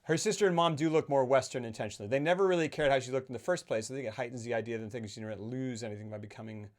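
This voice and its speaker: A man co-hosting a casual film discussion, animated and acting out quotes in put-on voices. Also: medium pitch, racing. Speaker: podcast co-host.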